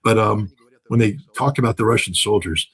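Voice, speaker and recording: A man's voice: on the low side, normal speed, husky, low-quality recording. An older man talking in an unscripted interview as a guest commentator, emphatic and repeating phrases for stress.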